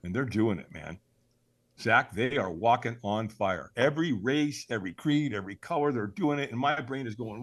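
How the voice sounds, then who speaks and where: A man, a podcast guest, telling a personal story in an animated way, acting out the voices he quotes and sometimes shouting them. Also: mid-range voice, moderate pace.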